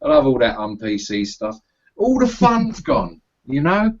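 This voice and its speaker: A man's voice: a little high, sing-song, unhurried, vocal fry, dull audio. A man hosting a podcast, swearing and laughing in crude casual banter about slang. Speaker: podcast host.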